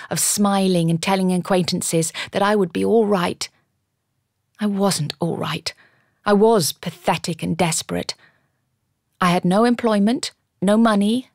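A woman narrating an audiobook in the first person, measured and storytelling, recorded on a studio microphone. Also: on the low side, no echo. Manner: measured storytelling with lively character dialogue.

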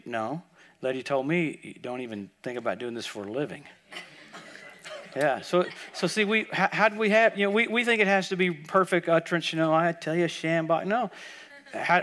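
An older man delivers a sermon in a fairly high voice, telling stories and acting out what people said. He repeats words as he goes and often drops to soft, hushed tones. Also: a little fast. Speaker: guest preacher. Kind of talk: sermon storytelling.

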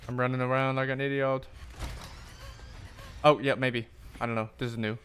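Loud, profane man streaming a game. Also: mid-range voice, little pitch movement, moderate pace, long pauses, smooth. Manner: loud, profane, jokey reactions. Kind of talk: live gameplay commentary.

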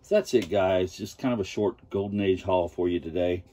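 A man hosting a casual vlog, showing his comic collection in a relaxed and enthusiastic way. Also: sits low, moderate pace. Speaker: comic collector channel host. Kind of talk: casual show-and-tell vlog.

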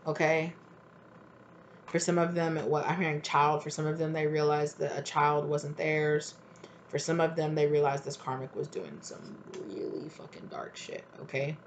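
A woman doing a casual tarot reading, rambling and animated, swearing freely and acting out what people say. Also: deep voice, moderate pace, muffled recording, a little hiss or hum. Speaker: tarot reader.

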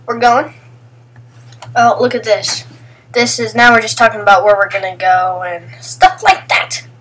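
A young woman talks over her own footage in a loose, rambling voice-over. Her voice sits a little on the high side. She chats casually and acts out what her friends say. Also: fairly even intonation, measured pace, fairly bright tone, slightly rough, distant mic. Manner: rambling and chatty, narrating what friends do and acting out their lines. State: sleepy, just woke up. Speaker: vlogger. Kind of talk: casual voice-over commentary on video clips.

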